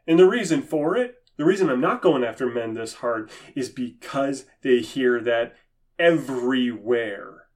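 A man delivers fired-up religious commentary with a slightly high voice. He is sarcastic and emphatic, and he lectures in a preachy way that presses each point hard. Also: a little slow, a little mellow. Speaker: Christian commentator. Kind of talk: impassioned commentary.

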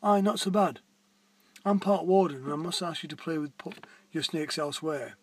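A man voicing a fussy, officious male park warden, speaking briskly. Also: a little high, breathy edge. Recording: distant mic.

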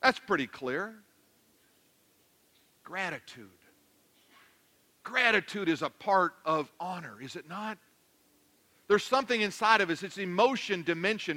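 A male pastor preaching a sermon, animated and joking, swinging between loud declarations and hushed asides. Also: high voice.

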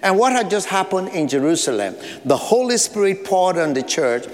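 A man's voice: sits high, sing-song, normal speed, in a large hall. A man with an African accent, preaching a sermon as pastor, earnest, with short repeated phrases and light asides. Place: church sanctuary.

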